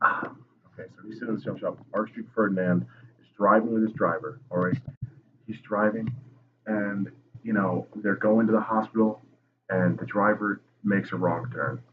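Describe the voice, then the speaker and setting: Young male podcast host, very low voice, swears constantly, lo-fi phone-quality audio with background noise. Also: fairly even intonation, moderate pace. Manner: profane, rambling, jokey. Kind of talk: casual history storytelling. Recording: tinny phone-like line with noise.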